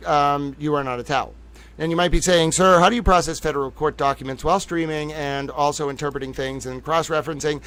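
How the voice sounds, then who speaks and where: A man's voice: on the high side, a bit bright. A man hosting a live-streamed news show in a casual, playful, self-mocking way, giggling and talking to his chat. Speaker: livestream news host.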